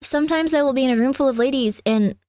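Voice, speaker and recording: Woman, high voice, live-stream chat, home room, lots of "like", sudden yelps, dry close sound. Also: fast talker, no echo. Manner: chatty, peppered with "like", loud yelps at her cat.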